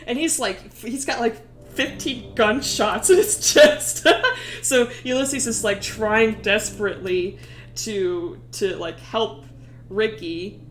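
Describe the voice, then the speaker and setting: A woman streamer retelling a story in a casual way, crude, giggly and animated. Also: medium pitch, takes it slowly, reverberant, slight background noise.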